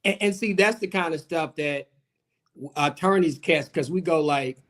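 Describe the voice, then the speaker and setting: A man hosting a livestream panel discussion, asking animated questions with frequent restarts. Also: on the high side, normal speed. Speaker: host.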